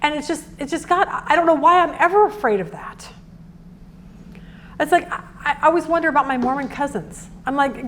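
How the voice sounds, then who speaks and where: A middle-aged woman teaching a Bible devotional, earnest and animated, who acts out quotes as she talks. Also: sits high, brisk, a little hiss or hum.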